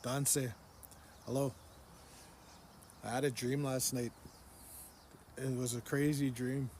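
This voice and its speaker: A man's voice: medium pitch, level tone, a little mellow, a little hiss or hum. Earnest New man recounting a dream. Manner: earnest, repeats phrases, halting restarts. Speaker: social media storyteller. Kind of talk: casual spoken storytelling.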